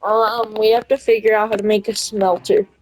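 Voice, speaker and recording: A woman's voice: mid-range voice, level tone, moderate pace, a little mellow, slight background noise. A woman chatting casually while playing a game with friends, teasing and mocking them. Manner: teasing, mocking friends in silly put-on voices. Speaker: gamer streaming with friends.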